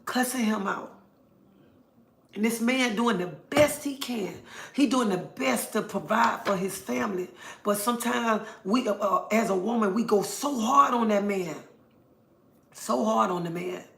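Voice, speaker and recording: Gravelly middle-aged woman preaching on a livestream. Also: mid-range voice, unhurried, fairly bright tone. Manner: earnest, preachy, repeats her points for emphasis. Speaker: livestream host. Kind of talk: casual livestream monologue. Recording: roomy echo.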